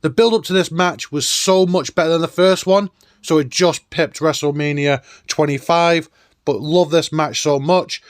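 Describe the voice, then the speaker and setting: A man's voice: fairly high pitch, fairly even intonation, moderate pace, no room sound, clean studio sound. A man hosting a nostalgic countdown video in an enthusiastic, chatty way. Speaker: host.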